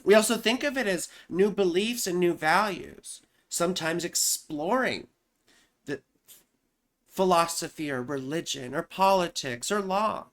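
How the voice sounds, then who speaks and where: A woman's voice: on the low side, lively intonation, a little slow. A woman astrologer explaining horoscopes in a loose, chatty way, often saying "you know" and "right?".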